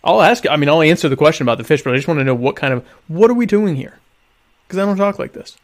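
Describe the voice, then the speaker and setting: A man hosting a live stream with a voice pitched a touch high. He rambles, cuts himself off mid-sentence and stretches words out in a deadpan, mock-grand way. The talk is loose and chatty, read to viewers' comments. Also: fast. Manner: deadpan, mock-pompous humor; rambling, self-interrupting. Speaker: live show host. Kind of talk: casual live-stream chat.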